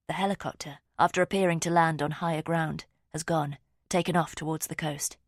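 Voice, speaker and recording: A woman narrating a first-person thriller audiobook in a hushed, tense manner on a close mic. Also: low-pitched, no echo.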